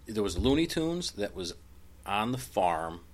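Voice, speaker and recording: A man co-hosting a casual chat, animated and laughing as he retells old cartoon scenes. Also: lowish voice, a little slow.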